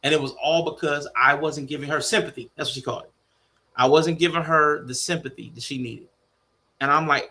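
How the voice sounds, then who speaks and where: A man co-hosting a podcast in casual chat, telling a family story in an animated way. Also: medium pitch, a little fast, creaky. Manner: animated storytelling, slipping into mock voices. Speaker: podcast co-host.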